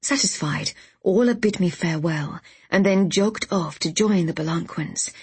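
A woman reads a novel aloud in a measured, first-person storytelling voice. Her tone sits on the low side and is breathy. The recording is close and dry. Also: a little mellow, no echo. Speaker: audiobook narrator. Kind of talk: scripted narration of a novel.

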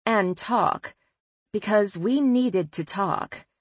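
A woman reads a first-person novel aloud in a measured, expressive voice of middle pitch. She takes her time over every line. The sound is dry and close to the mic. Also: breathy edge, dry recording. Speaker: audiobook narrator. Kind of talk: first-person audiobook narration.

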